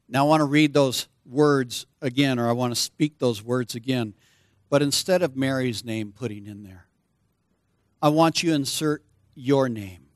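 A man's voice: on the high side, measured pace, no echo, clean studio sound. A man preaching a sermon as pastor, conversational and playful with his congregation.

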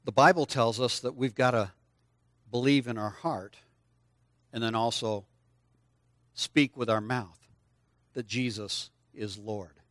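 An older preacher with a mid-range voice takes his time, leaving long pauses as he leads a children's lesson in a church service. He's lively and coaxing, speaking directly to the children and encouraging them to call out answers during the sermon. The audio has studio quality with no echo.

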